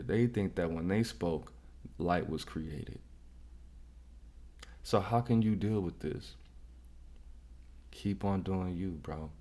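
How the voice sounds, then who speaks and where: Deep-voiced man preaching advice. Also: dark tone. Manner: preachy, repetitive, emphatic. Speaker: reaction channel host. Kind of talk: casual commentary advice.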